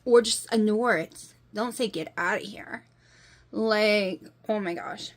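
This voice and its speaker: A woman's voice: mid-range voice, fairly bright tone. A woman, talking casually to camera in a rambling, exasperated, emphatic way. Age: 40s. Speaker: vlogger.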